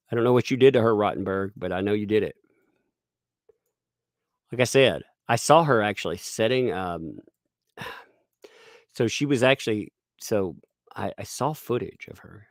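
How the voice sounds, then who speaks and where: A man's voice: on the low side, vocal fry, darkish tone, no room sound, studio quality. A man giving rambling, sarcastic live-stream commentary, joking and laughing as he talks. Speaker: livestream commentator.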